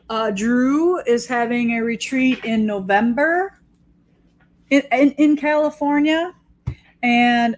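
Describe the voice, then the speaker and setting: A woman quilting teacher talking casually and enthusiastically while she demonstrates her sewing, joking about herself. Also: mid-range voice. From United States. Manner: chatty, enthusiastic, self-deprecating. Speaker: quilting teacher and shop owner.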